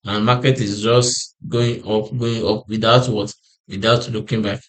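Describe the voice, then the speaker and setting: A forex trading analyst walks through charts on a screen share during a lesson, sounding tired and yawning. He repeats and restarts phrases and asks himself "what?" before answering. His voice is lowish and fairly bright, with fairly even intonation and a measured pace.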